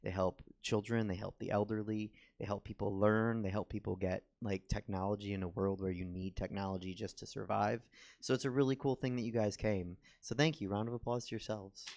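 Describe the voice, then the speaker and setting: A man's voice: lowish voice, flat delivery, a little fast, gravelly, a little mellow, no echo. A man in his forties doing stand-up as the host of a small comedy show, rambling and self-deprecating, with lots of fillers. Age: 40s. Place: small comedy theater stage.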